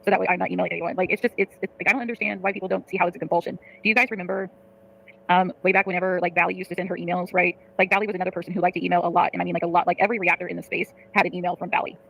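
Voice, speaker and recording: A woman livestreaming, venting to her chat in a fast, profane, frustrated way and reading out comments. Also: lowish voice, level tone, vocal fry, rough recording.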